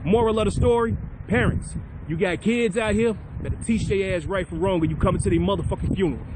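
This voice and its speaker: Profane man ranting high. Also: fast, noisy background. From Chicago. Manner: profane, blunt, confrontational. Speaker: vlogger. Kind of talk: heated storytelling rant.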